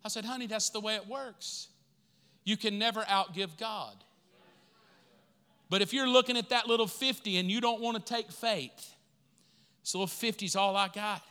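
Animated male pastor in a reverberant hall. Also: sits high, moderate pace, pauses often, clean tone. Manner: animated, rising to excited emphasis. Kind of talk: storytelling sermon.

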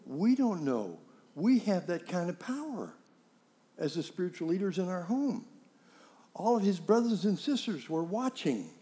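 A middle-aged man preaching a sermon, telling stories and acting out dialogue with animated emphasis. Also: fairly high pitch. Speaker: pastor.

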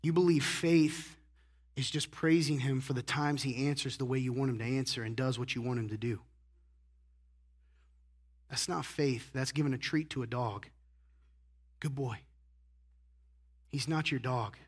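A man preaching a sermon to his congregation in a casual, conversational way, often asking "right?" and swinging from hushed asides to loud emphasis. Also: mid-range voice, fairly even intonation, moderate pace, breathy edge. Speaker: pastor. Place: church sanctuary.

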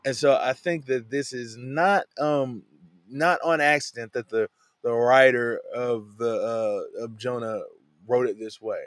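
A man who lives in a van teaches a Bible passage in a loose, conversational study session, often tossing in "man" and "you know what I'm saying". His voice is medium-pitched and unhurried, and the recording is dry.

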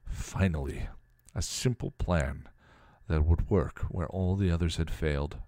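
Deep-voiced man narrating a story. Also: measured pace, warm tone, dry recording, studio quality. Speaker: story reader. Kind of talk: narrating fan fiction.

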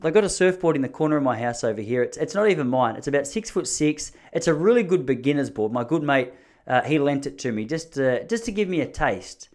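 A young Australian man chatting casually on his own, rambling and swearing, laughing easily, with his pitch jumping when he is amused. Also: animated, brisk, darkish tone. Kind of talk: casual monologue.

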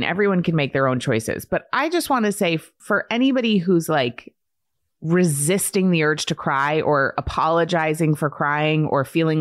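A woman's voice: on the low side, dry recording, clean studio sound. Reflective woman podcast co-host. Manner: earnest, reflective, talks with many fillers. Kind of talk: casual podcast chat.

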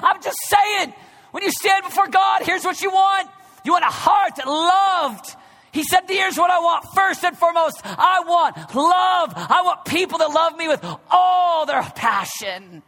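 A man in his thirties preaching a sermon, dropping to a near whisper and then rising to shouts. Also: very high-pitched, very animated, unhurried. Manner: swings from hushed, near-whispered reflection to loud, shouted exhortation. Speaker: pastor. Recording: long reverb of a large hall.

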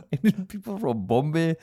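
Man, Singaporean English accent, podcast co-host, casual chat, laughs and swears often, relaxed dark voice. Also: a little high, measured pace. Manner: laughing, swearing, animated storyteller.

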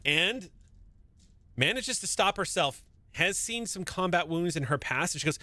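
His voice sits high and moves a little slowly, recorded with no room sound, as he runs a tabletop sci-fi horror game as game master. He walks through rules and scenes casually, with filler words and false starts.

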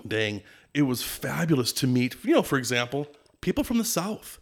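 Middle-aged man from Minnesota, podcast guest, lively storyteller, mid-range pitch. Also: moderate pace. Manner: animated, chatty, does playful impressions. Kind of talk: casual storytelling interview.

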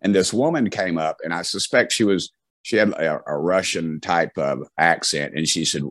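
A man's voice: a bass voice, measured pace, fairly bright tone, dry recording. A middle-aged man with a Southern US accent, telling folksy stories as an interview guest, with many restarts and fillers. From Tennessee. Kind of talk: casual storytelling.

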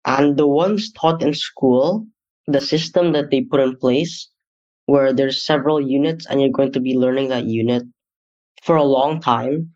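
A man's voice: mid-range voice, unhurried, darkish tone. A teenage boy hosting a student podcast, speaking casually and loosely, often reaching for words with fillers. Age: teens. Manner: loose, searching phrasing with many "like" fillers. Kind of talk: casual interview. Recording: dull lo-fi audio.

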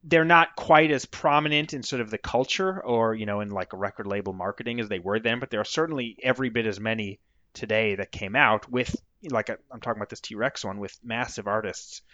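A man's voice: on the low side, fairly quick, pushed and bright, dry recording. Digressive American man, dull dry sound. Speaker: author guest. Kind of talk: casual interview.

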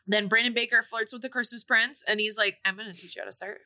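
A woman with a bright, sharp voice recaps a movie plot for a podcast. She talks casually and with lots of energy, and she drops into playful voices for the characters. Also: on the high side, fast talker. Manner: animated storytelling with playful quoted voices. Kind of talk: casual chat.

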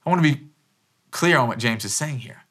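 A man's voice: mid-range voice, expressive, a little fast, a bit bright. A pastor in his thirties preaching a sermon in a casual, conversational way, often restarting phrases and dropping in "man" as an aside. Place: church.

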